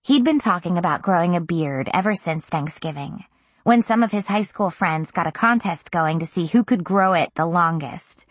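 A woman narrating a first-person novel in an intimate, even storytelling manner. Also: fairly low pitch, normal speed, no room sound. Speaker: audiobook narrator.

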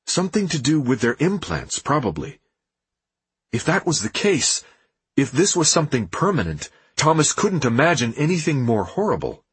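A man narrating an audiobook in a steady, measured reading with a husky voice. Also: fairly high pitch, dry recording.

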